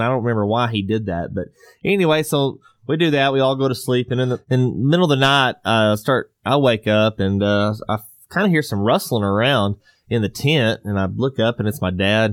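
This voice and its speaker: A man's voice: mid-range voice, no echo. Middle-aged male host, rambling, a few laughs, dry close mic. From Southwest US. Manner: rambling storyteller, laughs often. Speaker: podcast host. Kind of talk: casual chat.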